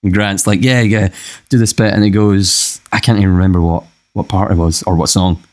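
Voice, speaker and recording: A young man talks casually as a podcast guest, drifting through stories with lots of ums and restarts. His voice sits very low. The sound is close and dry. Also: fairly even intonation, brisk, a little mellow, dry recording. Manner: rambling, hesitant, with many fillers. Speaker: musician guest. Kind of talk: casual chat.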